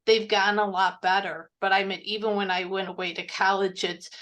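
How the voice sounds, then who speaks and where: A woman's voice: medium pitch, little pitch movement, fairly quick, fairly bright tone. Candid woman guest in her forties. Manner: candid, speaks from personal experience. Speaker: podcast guest. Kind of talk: casual interview chat.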